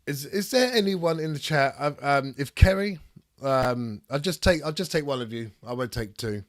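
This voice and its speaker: A man with a raspy voice from a cold, chatting casually on a live stream and reading chat aloud. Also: on the high side, expressive, moderate pace, no room sound, clean studio sound. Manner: reads chat aloud, rambling and swearing. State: ill with a cold, raspy throat. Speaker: streamer hosting a debate.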